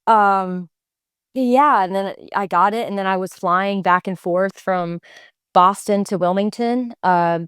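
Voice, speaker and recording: A woman in her twenties, an actor guest on an interview podcast, telling her story in a chatty, animated way with lots of fillers and restarts. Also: mid-range voice, unhurried, clean tone, no room sound, studio quality. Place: podcast studio.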